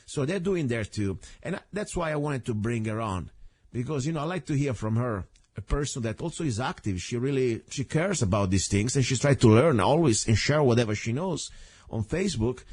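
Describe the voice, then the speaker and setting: Italian-accented man, talk radio host, animated and rambling, dry close sound. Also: medium pitch, fairly quick, husky, no room sound. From Italy. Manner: animated, rambling, non-native phrasing. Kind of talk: talk radio monologue and interview.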